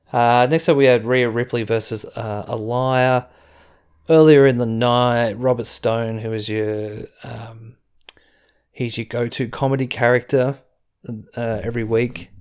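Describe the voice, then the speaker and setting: A man's voice: mid-range voice, darkish tone. An Australian man hosting a podcast, giving a casual, rambling wrestling recap full of chuckling asides. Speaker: podcast host.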